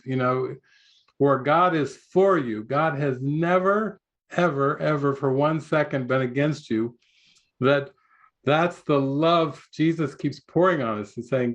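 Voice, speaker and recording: A man's voice: a little high, fairly bright tone, muffled recording. An older man giving a spiritual retreat talk over a video call, rambling, with many restarts and frequent laughs. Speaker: spiritual teacher.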